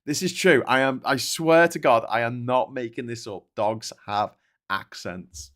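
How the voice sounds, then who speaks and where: A man's voice: medium pitch, measured pace, a bit bright. A man hosting a livestream, chatting casually about politics and reading viewer comments, swearing often and restarting his sentences. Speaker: livestream host reading chat. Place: at home with a dog.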